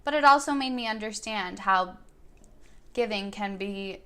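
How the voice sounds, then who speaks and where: A woman's voice: medium pitch, measured pace, fairly bright tone, smooth. A young woman vlogger telling a personal story in an earnest, reflective way, now and then quoting her own words. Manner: earnest and thoughtful, quoting herself in dialogue.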